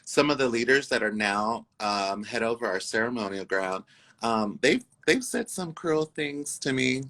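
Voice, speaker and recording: A Two-Spirit speaker with a bright, forceful tone and a voice in the usual middle range. The story comes out as lively chat, with quoted voices acted out and leaps up high for each punchline. It sounds like a casual interview among friends. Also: a little slow, rough recording. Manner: animated, acts out quoted voices; uses many fillers and "I was like". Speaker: guest, incoming co-host.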